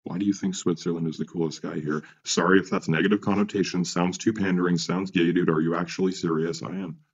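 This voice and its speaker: A man's voice: sits low, steady tone, quick pace, husky, highs cut off. A man ranting in a rambling, profane monologue, full of restarts and asides, as a vlogger.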